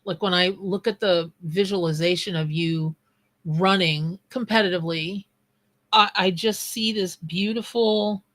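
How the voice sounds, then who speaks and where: A tarot reader and psychic hosts a live stream in a lowish, fairly bright voice with fairly even intonation, speaking a little slowly. Her chat is loose and scattered, and she breaks off mid-thought to give shout-outs to viewers in the chat.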